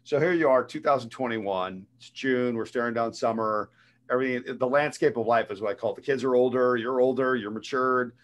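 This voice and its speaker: A man's voice: medium pitch, a little fast. Man, interview host, plain middle voice, encouraging, conversational. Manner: encouraging, asks long framing questions. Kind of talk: casual interview chat.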